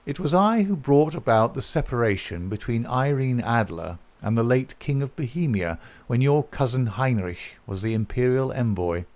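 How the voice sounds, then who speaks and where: Guy doing a cool polite detective, dry and ironic, a bit higher and slower than his own voice. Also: lively intonation, darkish tone, natural voice. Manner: measured, courteous and dryly ironic. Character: calm wry gentleman detective, male, middle-aged.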